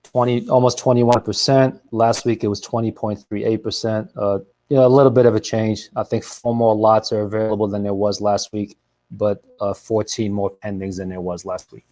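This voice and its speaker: A man's voice: lowish voice, level tone, moderate pace, warm tone. A man hosting a real estate show, running through market statistics with uh and um fillers. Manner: runs through numbers, hesitant fillers. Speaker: realtor host.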